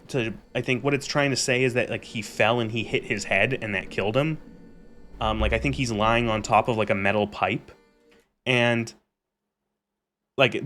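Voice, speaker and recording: A young man streamer recapping a show in a casual, exasperated rant, animated and swearing freely. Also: mid-range voice.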